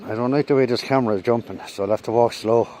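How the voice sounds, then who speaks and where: A man's voice: medium pitch, quick pace, dark tone, low-quality recording. Middle-aged man, rambling, swearing, slightly winded, outdoors on a chest mic with faint background noise. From Ireland. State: slightly out of breath. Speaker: vlogger. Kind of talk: casual walking vlog storytelling. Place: outdoors on a woodland path. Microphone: chest-mounted camera.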